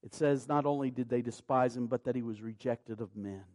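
A man preaching a sermon, moving from quiet, slow scripture reading to loud, impassioned preaching. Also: mid-range voice. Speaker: pastor.

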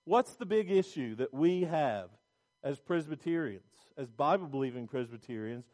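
Emphatic high-voiced male preacher. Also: lively intonation, normal speed, darkish tone. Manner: emphatic preaching with repetitions and restarts. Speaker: pastor. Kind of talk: sermon.

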